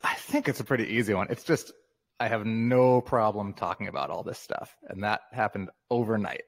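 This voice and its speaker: A man in his fifties, a memoir author, talking as a podcast guest in a relaxed, reflective way and laughing often. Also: fairly low pitch, normal speed. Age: 50s. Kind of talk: casual interview conversation.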